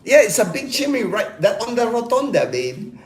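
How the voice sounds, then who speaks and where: A man's voice: very high voice, normal speed, reverberant. A middle-aged man hosting a casual livestream chat, telling stories animatedly, laughing often and greeting viewers from the chat. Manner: animated storytelling, laughs often, reads chat names aloud. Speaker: livestream host.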